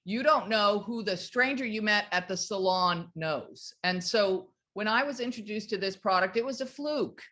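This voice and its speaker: A woman in her fifties with a mid-range voice tells an enthusiastic, animated story over a video call. She speaks as a sales team leader inspiring her group. Her delivery is lively and warmly persuasive. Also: mid-range voice, normal speed, few pauses. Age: 50s. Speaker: network marketing team leader.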